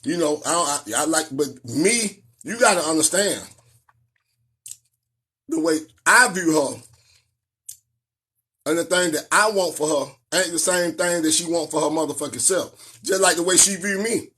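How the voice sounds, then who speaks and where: Animated preachy man ranting on a live stream. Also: fairly high pitch, moderate pace, long pauses. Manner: animated, preachy, profane, sing-song outbursts.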